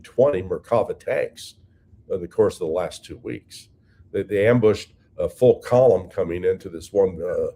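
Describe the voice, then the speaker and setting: A man's voice: fairly low pitch, mellow. A man giving blunt political commentary as a guest analyst, repeating words and using many fillers.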